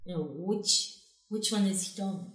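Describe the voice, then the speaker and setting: A woman's voice: mid-range voice, normal speed, a bit bright, echoey room, soft background music. A Japanese woman co-hosting a casual language lesson, speaking slightly broken English and laughing often. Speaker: co-host teaching Japanese.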